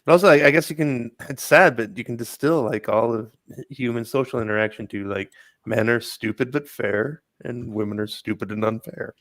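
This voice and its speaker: A man hosts a casual podcast chat, speaking in an excitable, rambling way that trails off mid-thought. His pitch sits in the middle range. The sound is dry and close. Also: moderate pace, dry recording.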